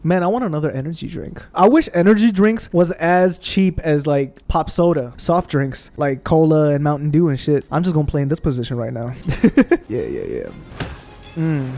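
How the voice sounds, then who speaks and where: A young man casually commentating his gameplay, excitable and profane, trash-talking enemies on screen. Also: on the high side, moderate pace, slight background noise. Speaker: gaming channel host.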